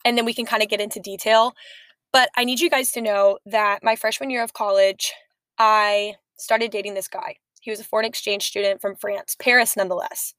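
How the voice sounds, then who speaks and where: A young woman co-hosting a podcast, telling stories in a chatty, animated way. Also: mid-range voice, a little fast, dry recording. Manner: chatty, storytelling, animated asides. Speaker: podcast co-host. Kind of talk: casual chat.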